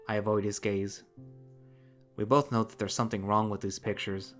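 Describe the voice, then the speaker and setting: A man reading a visual novel aloud in the first person, measured and subdued. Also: lowish voice, little pitch movement, soft background music. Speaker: reader.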